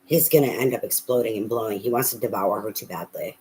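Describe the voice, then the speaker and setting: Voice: mid-range voice, quick pace, mellow, a little hiss or hum, low-quality recording. A tarot reader giving a casual reading, talking bluntly and emphatically with a lot of profanity and repetition.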